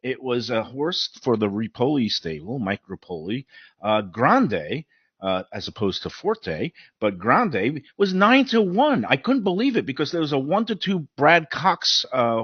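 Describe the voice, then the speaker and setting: A man with a Brooklyn accent hosting a show, telling stories in a casual, animated, mouthy way. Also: medium pitch, breathy edge, no echo. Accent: Brooklyn New York. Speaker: host. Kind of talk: casual chat. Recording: dull lo-fi sound, dry.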